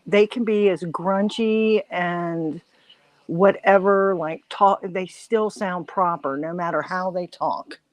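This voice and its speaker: A woman's voice: fairly low pitch, steady tone, takes it slowly, no echo, low-quality recording. A woman with an American accent, a panel guest on a call, chatting and asking lots of curious questions. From United States. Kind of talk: casual chat. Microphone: online call.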